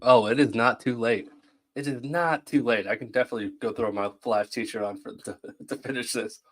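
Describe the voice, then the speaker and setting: A man's voice: medium pitch, a little fast. Easygoing man hosting a livestream. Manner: casual and joking, thanks viewers. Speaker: host. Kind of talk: casual livestream commentary.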